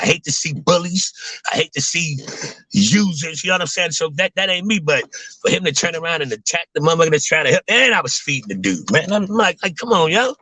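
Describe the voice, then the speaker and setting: A young adult man chatting casually to his viewers, rambling in loose slang and filling every pause with "man" and "you know what I'm saying.". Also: on the high side, pushed and bright, husky, no room sound, low-quality recording. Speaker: vlogger talking to viewers. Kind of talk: casual livestream chat.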